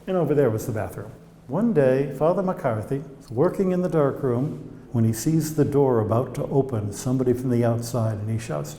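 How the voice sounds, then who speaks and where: A man's voice: medium pitch, a little fast, mellow, a little hiss or hum. Chatty man touring an echoing dome. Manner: chatty, anecdotal storyteller. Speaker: observatory guide. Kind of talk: guided tour explanation. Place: inside old observatory domes.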